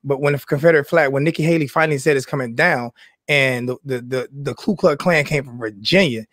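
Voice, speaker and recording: Animated, swearing man telling stories. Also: mid-range voice, fairly quick, dry recording, studio quality. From South Carolina. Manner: animated storyteller, swears freely. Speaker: podcast host. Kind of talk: casual chat.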